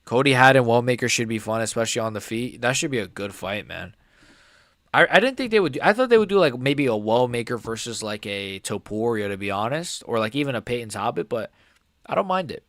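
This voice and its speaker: A man's voice: medium pitch, animated, brisk, fairly bright tone, no room sound, clean studio sound. Casual young man rambling fight talk. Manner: rambling, filler-heavy, says "like" and "bro" often. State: voice cracking upward at times. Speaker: host of a live fight reaction stream. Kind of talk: casual live reaction chat.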